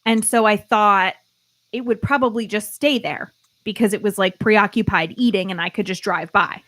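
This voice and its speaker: A woman co-hosting a podcast, talking in relaxed, measured casual chat. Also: medium pitch. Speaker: podcast co-host.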